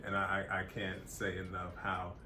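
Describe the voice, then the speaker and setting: A man giving a heartfelt speech, halting and earnest with stammered restarts. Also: deep voice, monotone, bright, forceful tone, echoey room, slight background noise. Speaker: vlogger.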